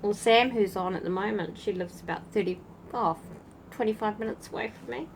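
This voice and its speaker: Her mid-range voice runs fairly quick against a noisy background. She's a spiritual channel host doing a relaxed livestream outdoors on a breezy night, addressing viewers by name.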